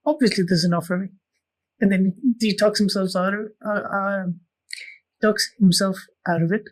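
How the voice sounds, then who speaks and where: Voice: medium pitch, normal speed, low-quality recording. A podcast co-host in casual chat, laid-back and enthusiastic, swearing casually.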